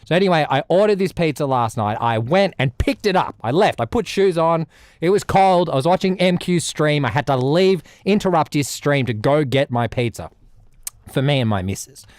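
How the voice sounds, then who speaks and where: A young Australian man chatting casually on a music livestream, rambling, with loud bursts and low mutters. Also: moderate pace, dry recording, clean studio sound. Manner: animated, rambling, swings between loud outbursts and mutters. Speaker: music streamer.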